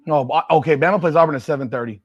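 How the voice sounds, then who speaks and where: Excitable man hosting a football stream. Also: fairly high pitch, rapid-fire, no room sound, highs cut off. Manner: excitable sports fan talk with repetitions, shouting at plays. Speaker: host of a sports live stream. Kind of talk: live watch-party reaction.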